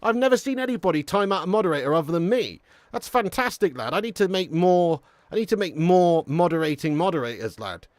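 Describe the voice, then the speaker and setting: Excitable man hosting a live stream. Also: high voice, brisk, no echo, studio quality. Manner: excitable banter, laughs often, reads chat aloud. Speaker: live stream host watching a football match. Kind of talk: casual live watch-along commentary and chat reading.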